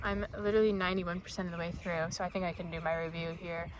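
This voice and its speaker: A young woman rambles and jokes at herself in a chatty vlog, a little out of breath as she talks. She records on a handheld phone outdoors in the countryside. Steady noise runs behind her voice. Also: on the low side, fast talker. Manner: rambling, chatty, self-deprecating. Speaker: book vlogger. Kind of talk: casual vlog chat.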